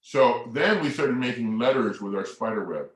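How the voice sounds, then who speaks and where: A man presenting a family workshop, telling a story in a lively way, acting out quotes and leading the audience in movements. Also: medium pitch, moderate pace. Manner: animated storyteller who acts out quotes and leads the audience in movements. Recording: echoey room.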